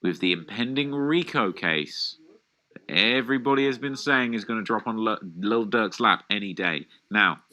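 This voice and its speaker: A man hosting a live hip-hop news reaction stream, reading posts aloud and commenting in an animated, slangy way. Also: fairly low pitch, normal speed.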